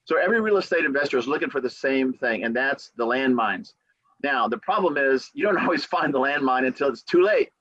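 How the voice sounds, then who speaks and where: A man who works as a real estate attorney, giving motivational advice on a podcast as an animated storyteller who acts out quotes and repeats key phrases for emphasis. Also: mid-range voice, brisk, no echo, muffled recording.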